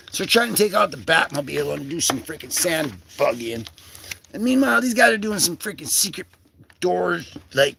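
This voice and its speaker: A man's voice: on the high side, gravelly, pushed and bright, slight background noise. A man hosting a casual livestream, rambling through comic pages in slangy talk full of fillers and greeting viewers in chat. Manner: talks to chat viewers by name. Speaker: livestream host.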